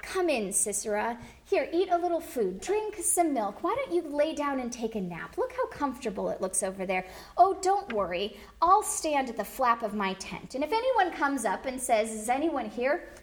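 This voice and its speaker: A woman voicing an ancient hostess who coaxes a tired guest inside with soft, sweet hospitality. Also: sits high, very animated, normal speed. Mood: coaxing. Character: sweetly coaxing deceptive ancient woman host.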